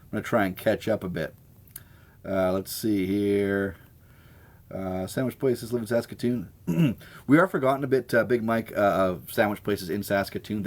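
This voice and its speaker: A man hosting a casual live stream, chatting and answering viewer comments with opinionated enthusiasm. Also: fairly low pitch. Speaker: host of a live sandwich stream.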